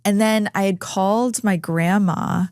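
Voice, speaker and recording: A woman podcast host tells a personal story with lively, animated delivery. She acts out the voices of the people she quotes. Her voice is recorded dry and close to the mic. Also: medium pitch, unhurried, dry recording. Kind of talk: casual chat.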